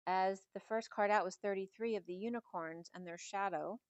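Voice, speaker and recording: A middle-aged woman gives a spiritual tarot reading in a mid-pitched voice, wandering from one number and symbol to the next. Her voice is slightly hoarse, and the recording sounds dry and close. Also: normal speed, a little mellow, no echo, muffled recording. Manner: musing, meandering delivery linking numbers and symbols. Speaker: tarot reader.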